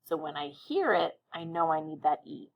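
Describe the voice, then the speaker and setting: A woman teaching a phonics lesson, sounding words out slowly and encouraging young learners. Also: deep voice, very animated, vocal fry, lo-fi sound. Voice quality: slow, carefully sounds out words. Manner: patient, encouraging, stretches words out.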